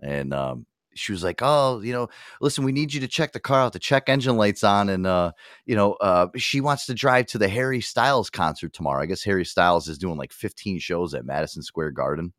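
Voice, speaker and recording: Male podcast host, deep and animated, laughs through profane stories. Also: a little fast, dry recording, studio quality. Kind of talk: casual banter.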